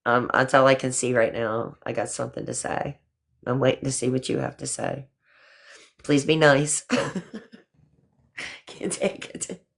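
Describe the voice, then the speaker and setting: An older woman chatting on a phone livestream, warm-hearted with her viewers and calling them honey. She talks loosely and affectionately, with the odd casual curse word dropped in. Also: very deep voice, fairly even intonation, moderate pace, creaky. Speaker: livestream host.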